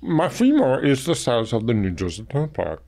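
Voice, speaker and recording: A man putting on a voice as a gentle giant wrestler, goofy and mock-grand. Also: mid-range voice, very animated, moderate pace, gravelly, a little hiss or hum. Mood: grandly.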